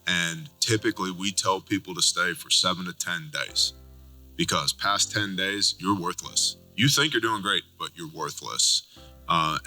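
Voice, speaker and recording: Deep-voiced man in relaxed chat. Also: low-quality recording. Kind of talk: casual chat.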